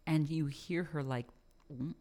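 Woman, deep voice, relaxed book chat, conversational, blunt. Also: a little slow.

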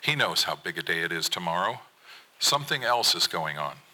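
A calm mother, as a man storyteller puts her on, speaking softly. Her lines are soothing and steady. The voice stays tense and forceful in tone. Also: fairly low pitch, slow, husky, full character voice. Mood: gentle. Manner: soft-spoken.

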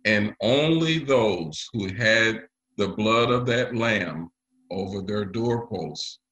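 A man preaching a sermon to his congregation, often pausing with fillers. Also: fairly low pitch, a bit bright, low-quality recording. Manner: leads the congregation in call and response; halting, with frequent pauses and fillers. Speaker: pastor.

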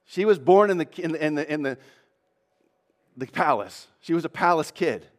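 A man's voice: fairly high pitch, animated, moderate pace. A man preaching a sermon, reading scripture and commenting on it, often acting out the voices he quotes and building to rising intensity.

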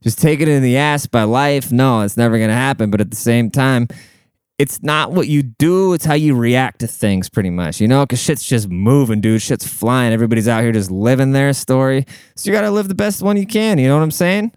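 A man's voice: medium pitch, fairly quick, a little mellow, smooth, no echo. A man in his late twenties rambling in a casual, profane, slangy monologue.

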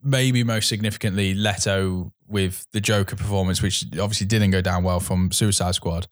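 A man talks through film scenes on a casual podcast, in a voice pitched a little low. His delivery is measured and thoughtful, with the odd filler as he works out his point. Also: fairly even intonation. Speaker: podcast co-host.

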